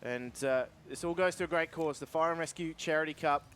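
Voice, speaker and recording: Upbeat esports play-by-play caller. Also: male voice, fairly high pitch, a little fast, a bit bright, slight background noise. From Australia. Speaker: esports commentator.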